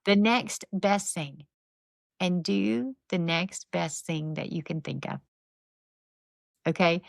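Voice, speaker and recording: Gravelly-voiced woman telling animated stories. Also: on the low side, takes it slowly, dry recording. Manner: animated, faith-based storytelling with acted-out quotes. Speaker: podcast guest, nonprofit founder. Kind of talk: conversational storytelling.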